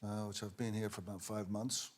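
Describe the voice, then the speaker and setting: An older Irish actor, a talk-show guest, telling relaxed stories with hesitations. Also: male voice, fairly low pitch, a little fast, background noise.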